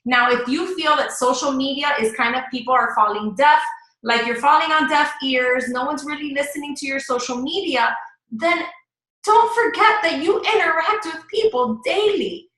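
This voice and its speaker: A woman's voice: sits high, moderate pace, a bit bright, echoey room, poor audio. A woman coaching her team in a casual live stream, chatty and enthusiastic, speaking straight to her viewers.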